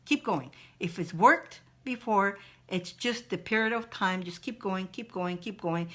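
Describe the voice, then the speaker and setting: A woman's voice: mid-range voice, a little slow, fairly bright tone. A woman hosting a live-stream spiritual advice chat, encouraging viewers with repeated phrases and reading out their comments. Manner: repetitive, encouraging, reads viewer comments aloud.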